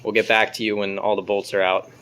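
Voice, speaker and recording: A man's voice: fairly low pitch, flat delivery, fast, sharp tone. A man casually talking through car work in his garage, loose and profane. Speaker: car vlogger. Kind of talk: casual garage vlog talk. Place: home garage.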